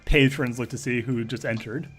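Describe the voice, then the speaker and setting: A man's voice: medium pitch, fairly even intonation, moderate pace, breathy edge, faint music behind. A man narrating a tabletop role-play as game master, rambling with lots of fillers and restarts.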